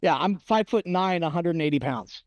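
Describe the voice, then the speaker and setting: Young guy on a podcast, higher voice, cussing a lot, doing voices in his stories, dry mic. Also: brisk, dry recording. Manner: profane, animated storytelling with acted quotes. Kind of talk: casual podcast chat.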